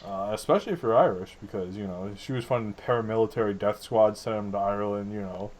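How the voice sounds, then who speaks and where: A man's voice: fairly low pitch, fast, a little mellow. A young man co-hosting a casual podcast, talking in a rambling, sarcastic way with frequent laughs. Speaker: podcast co-host.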